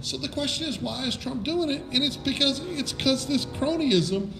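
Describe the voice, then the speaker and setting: A man's voice: extremely high pitch, lively intonation, moderate pace, creaky, fairly bright tone, slight background noise. Blunt, profane middle-aged man ranting. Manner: blunt, profane, opinionated rants. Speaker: podcast host. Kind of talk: casual political chat.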